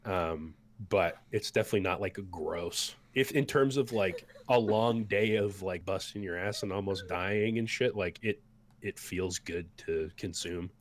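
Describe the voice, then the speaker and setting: A man's voice: sits low, measured pace, a little hiss or hum. A man narrating as game master in a loose, casual way, full of fillers. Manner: casual, many fillers and restarts.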